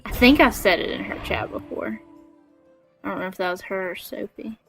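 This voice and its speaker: A woman's voice: mid-range voice, normal speed, gravelly, husky, faint music behind, low-quality recording. A woman from Alabama with a Southern accent, chatting casually and teasing herself while she streams a game from her floor at home. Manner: chatty, self-deprecating. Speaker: livestreamer. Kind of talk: casual chat while gaming.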